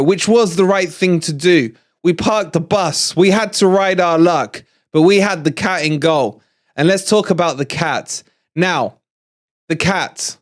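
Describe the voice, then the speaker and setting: A middle-aged English man hosting a live fan-channel match review, excitable and gloating, out of breath, chatting with his viewers. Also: high-pitched.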